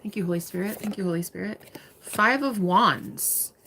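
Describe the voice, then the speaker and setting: A woman's voice: medium pitch, normal speed, bright, forceful tone, slight background noise. A young woman giving live-stream tarot readings, chatting casually, swearing freely and laughing often. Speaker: tarot reader.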